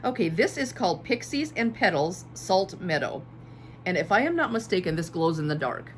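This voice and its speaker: A woman's voice: on the low side, very animated, moderate pace. A woman in her fifties chatting casually and enthusiastically on her quilting channel, showing off fabric at home and repeating her favorite phrases. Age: 50s. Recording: faint background hum.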